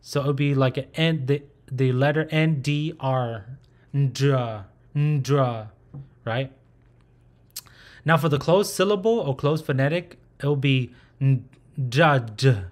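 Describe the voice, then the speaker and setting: A man's voice: fairly high pitch, a little slow. A man teaching a recorded language lesson. He speaks patiently, sounds out syllables and repeats them aloud.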